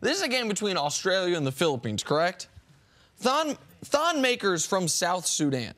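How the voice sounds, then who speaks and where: Male sports-radio host, slightly high voice, animated, trails off low at the end of his points. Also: normal speed. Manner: animated, drops low and quiet at ends of points. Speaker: sports talk show host. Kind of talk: casual sports debate.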